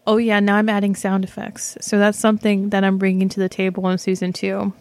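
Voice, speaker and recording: A woman's voice: medium pitch, monotone, a little fast, a little mellow, no echo. A woman hosting her own show, talking through casual, self-reflective commentary that rambles, with lots of fillers, restarts and casual swearing. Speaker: podcast host. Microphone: microphone.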